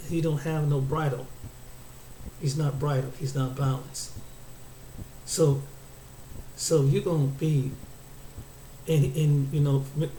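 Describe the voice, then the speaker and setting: A man's voice: fairly high pitch, mellow, echoey room, slight background noise, poor audio. A man giving a preachy opinion monologue, often stumbling and restarting his words. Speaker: commentator.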